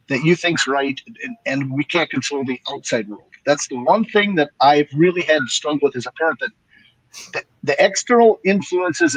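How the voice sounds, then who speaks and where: A man's voice: on the high side, no echo, low-quality recording. A middle-aged man talking as a podcast guest, telling stories in an earnest, casual way. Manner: storytelling, earnest. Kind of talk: casual conversation. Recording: dry close sound.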